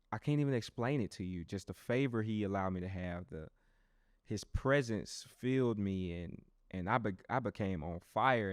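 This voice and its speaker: A young man with a low voice tells his own story as a podcast host. His delivery is animated and loose, full of restarts, and he keeps turning to his listeners. The recording sounds close and dry, with no room around it. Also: no room sound. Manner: animated storyteller who talks straight to listeners; loose and conversational, with frequent restarts. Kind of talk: personal testimony monologue.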